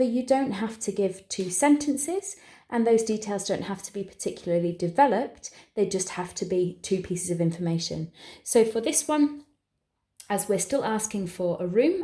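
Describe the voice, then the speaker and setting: A woman with an English accent teaching, who explains each step clearly and patiently and slows down for the phrases she models. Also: medium pitch, warm tone, echoey room. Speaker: language teacher. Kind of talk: exam preparation tutorial.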